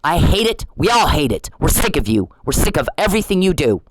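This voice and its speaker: A man's voice: fairly high pitch, very animated, brisk, slight background noise, low-quality recording. A man delivering an angry, profane rant straight at the person he is confronting, repeating the same warnings again and again. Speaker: vlogger addressing a harasser. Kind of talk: angry direct-address rant.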